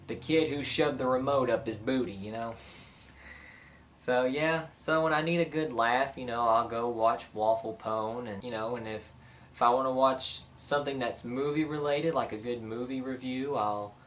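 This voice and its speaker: A man's voice: mid-range voice, fairly bright tone, distant mic. A man talks through viewer questions in a loose, rambling way, filling gaps with "uh" and "you know." He sits a little back from the mic. A faint hum of room noise runs behind him. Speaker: vlogger. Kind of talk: casual Q&A vlog.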